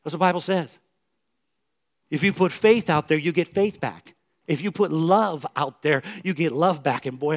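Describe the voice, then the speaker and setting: A male pastor preaching a sermon in church, swinging from loud emphatic declarations to hushed, soft questions. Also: a little high.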